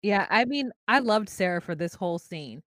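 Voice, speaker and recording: A woman's voice: medium pitch, lively intonation, normal speed, fairly bright tone. A sassy woman co-hosting a podcast, tossing out blunt put-downs while she recaps reality TV. Her voice sounds close and dry, with no room echo. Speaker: podcast co-host. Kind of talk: casual reality-TV recap chat.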